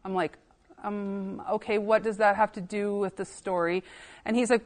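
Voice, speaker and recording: Lively woman archivist telling stories. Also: mid-range voice, a little fast. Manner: animated anecdotes, acting out quoted dialogue, laughing. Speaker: assistant archivist, podcast guest. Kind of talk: casual storytelling interview.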